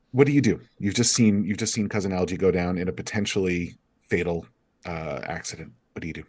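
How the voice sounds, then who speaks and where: A man's voice: low-pitched, moderate pace, darkish tone, husky. A man running an improvised tabletop game as game master, narrating in a hesitant, apologetic way with many fillers.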